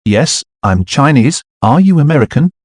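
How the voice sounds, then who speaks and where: A man voicing a shy, socially awkward young man who speaks hesitantly and quietly. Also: fairly high pitch, sing-song, normal speed, no echo, studio quality, pitched above the performer's own voice.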